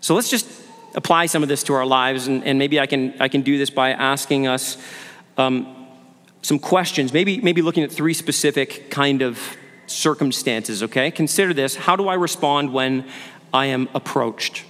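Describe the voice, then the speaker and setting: Speaking at a moderate pace in a mid-range, slightly bright voice, a male pastor delivers an earnest sermon in a church sanctuary. He asks his listeners questions and often repeats words. The sound has a long hall reverb.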